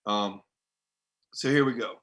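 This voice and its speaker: A middle-aged man hosts a casual live sports stream with a bright, forward tone. He talks in an animated, rambling way and breaks off to answer viewer comments. His pitch sits in an ordinary middle register. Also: measured pace. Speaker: sports beat writer hosting a live show.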